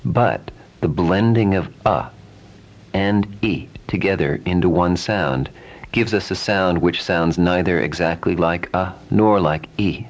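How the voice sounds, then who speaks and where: A man with a low, deep voice teaches pronunciation at an unhurried, measured pace. He speaks calmly and repeats each vowel sound several times as a drill. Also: highs cut off. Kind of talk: slow, deliberate pronunciation lesson.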